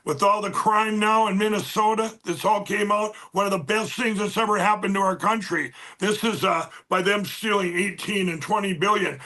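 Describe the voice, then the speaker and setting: A man speaking as an interview guest, halting with many fillers and restarts, yet emphatic and insistent. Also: high voice, sharp tone. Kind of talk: political interview talk.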